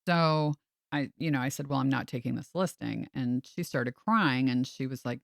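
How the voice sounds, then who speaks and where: Realtor woman, podcast host, animated storyteller; mid voice, dry close mic. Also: rumbling low, normal speed, creaky, dry recording. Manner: animated, acts out quoted voices. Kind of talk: casual storytelling chat.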